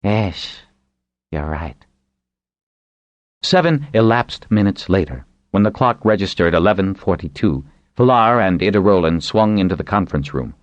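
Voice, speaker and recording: A man narrating an audiobook in an expressive reading style. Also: sits low, a little fast, no room sound, dull audio. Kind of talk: scripted narration.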